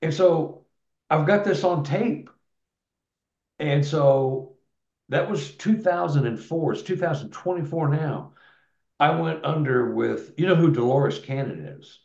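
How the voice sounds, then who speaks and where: A man's voice: fairly high pitch, lively intonation, measured pace, gravelly, darkish tone. A man telling a long personal story in a rambling, casual way, with many restarts and repeated words. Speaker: guest telling his experiences. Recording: echoey, dull lo-fi sound.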